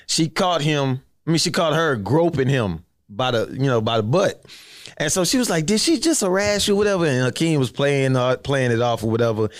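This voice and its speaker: A man's voice: mid-range voice, lively intonation, moderate pace, no echo, studio quality. A man co-hosting a podcast, ribbing his friend and rambling through anecdotes. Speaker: podcast co-host. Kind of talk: casual chat, storytelling.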